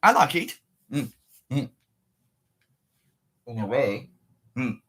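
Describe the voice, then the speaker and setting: Rambling, lively man streaming. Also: medium pitch, slow, husky. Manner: rambling and profane, mutters to himself. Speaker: livestreamer chatting with viewers. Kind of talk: casual livestream chat.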